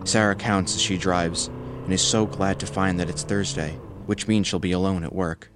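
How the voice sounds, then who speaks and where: Deep-voiced male horror narrator. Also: steady tone, normal speed, background noise.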